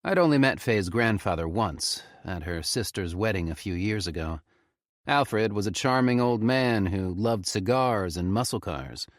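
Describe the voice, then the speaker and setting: Low-voiced man narrating horror. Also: measured pace, no room sound, clean studio sound. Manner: expressive, tense storytelling. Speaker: audiobook narrator.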